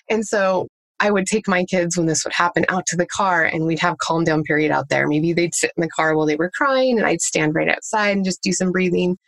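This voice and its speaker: A woman's voice: lowish voice, a little fast, no room sound. A woman working as a parenting coach, giving practical tips in an interview and walking through examples step by step. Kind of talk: conversational interview answers.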